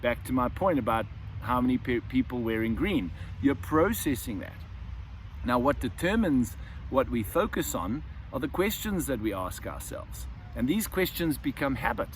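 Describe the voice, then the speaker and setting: A man's voice: medium pitch, sing-song, normal speed, slight background noise. A man hosting a self-help video, musing in an unscripted monologue that often restarts and repeats words. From South Africa. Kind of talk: reflective monologue to camera.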